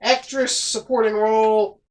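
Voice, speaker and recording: A man's voice: sits high, level tone, a little slow, slight background noise, low-quality recording. Exasperated profane male podcast host. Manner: profane, exasperated, rattling off picks. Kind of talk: casual chat.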